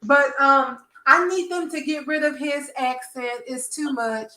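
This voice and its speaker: Woman, Southern American accent, high pitch, swearing, animated soap opera recap talk. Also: unhurried, reverberant, poor audio. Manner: animated, profane, acts out characters' lines. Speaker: podcast host.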